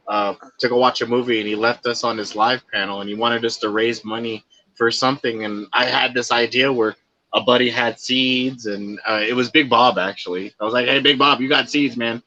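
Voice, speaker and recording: A man's voice: mid-range voice, steady tone, fairly quick, pushed and bright, lo-fi sound. A man chatting casually on a livestream, telling long rambling stories and swearing freely. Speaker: livestream co-host. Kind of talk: casual chat.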